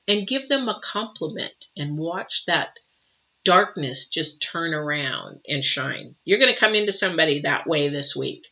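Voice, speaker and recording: Female tarot reader, emotive, rambling and comforting; low-set, forceful tone, muffled lo-fi audio. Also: expressive, unhurried. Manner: emotive, chatty, reassuring, with many fillers and restarts. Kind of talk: live tarot reading and viewer Q&A. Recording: dull lo-fi sound.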